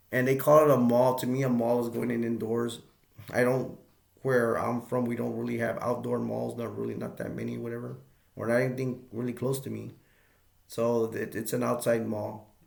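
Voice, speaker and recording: Rambling man with a gravelly voice. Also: mid-range voice, a little mellow, reverberant. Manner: rambling, many fillers and restarts. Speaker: movie reviewer. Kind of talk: casual movie review.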